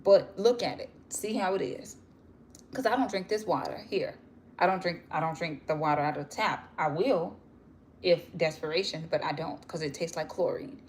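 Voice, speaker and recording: A woman's voice: fairly low pitch, normal speed, slight background noise. A young woman, chatting casually to her viewers and rambling through stories. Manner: chatty, rambling, animated storytelling. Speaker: vlogger.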